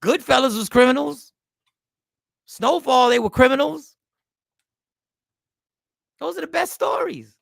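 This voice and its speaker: Man, fifties, comedian host, gravelly voice, bright tone, dry close mic, rambling stories. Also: extremely high pitch, measured pace, pauses often, no echo. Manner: rambling, animated, self-mocking. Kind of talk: casual comedic storytelling.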